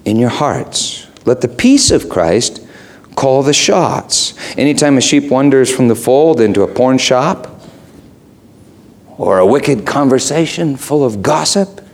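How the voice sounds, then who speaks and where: A middle-aged man preaching a sermon, playful and animated, dropping to low asides and rising high for emphasis. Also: unhurried. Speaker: pastor.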